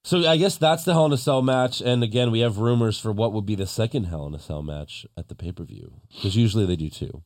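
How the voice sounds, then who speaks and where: A man hosting a casual podcast, recapping wrestling with animated storytelling and mocking impressions. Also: fairly low pitch, fast talker, few pauses. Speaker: podcast host.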